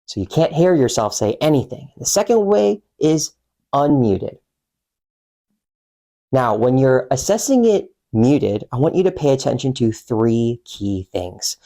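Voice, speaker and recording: A young man coaching viewers on public speaking in a measured, emphatic way, slowing down to stress key words. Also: medium pitch, big pitch swings, dark tone. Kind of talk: instructional talk to camera.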